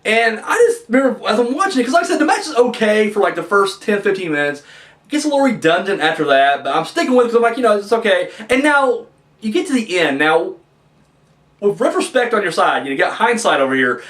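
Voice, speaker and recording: A young man hosting a casual wrestling review, ranting and swearing with lively energy. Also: high-pitched, fast talker, echoey room, distant mic. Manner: ranting, profane, animated.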